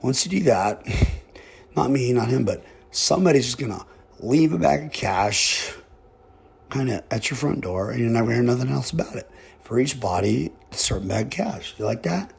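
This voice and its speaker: Raspy, gravelly man spinning a yarn. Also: medium pitch, animated, normal speed, darkish tone. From Texas. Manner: drawling, rambling, chuckling asides. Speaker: comedic storyteller. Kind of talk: rambling comic storytelling.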